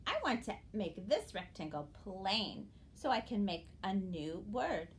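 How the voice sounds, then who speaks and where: Woman teacher, slow careful delivery, lively pitch, drawn-out words, faint background hiss. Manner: encouraging, addresses young students directly. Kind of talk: early-grade phonics lesson.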